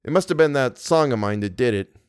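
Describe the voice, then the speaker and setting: A man voicing an uneasy backwoods Canadian guide with rough, folksy speech that sinks to a fearful hush. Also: medium pitch, lively intonation, fairly quick, dry recording, studio quality, close to an everyday voice.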